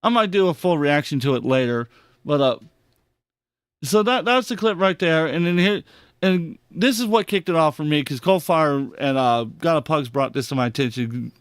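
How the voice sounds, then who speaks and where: A man hosting a podcast, reacting to clips in an excitable, heavily profane rant. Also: fairly high pitch, normal speed, clean tone, dry recording, studio quality. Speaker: podcast host. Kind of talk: casual commentary on clips.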